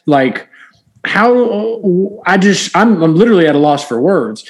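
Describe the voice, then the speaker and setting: A man co-hosting a sports podcast in casual chat, animated and full of fillers and restarts. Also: fairly high pitch, measured pace. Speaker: podcast co-host.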